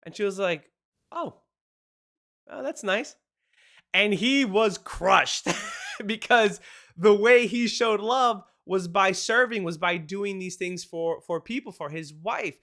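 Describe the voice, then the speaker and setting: A man hosting a casual advice show, his voice sitting high and sounding bright and forward. He talks quickly and excitedly and laughs often as he explains. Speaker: podcast host. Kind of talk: casual marriage advice talk.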